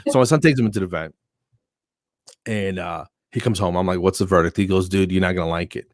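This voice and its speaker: Man, comedian guest, lively anecdotes, voices the people in his stories, dry sound. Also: deep voice, a little fast, no room sound. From New Jersey. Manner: animated anecdotes with acted-out quotes. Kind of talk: casual storytelling chat.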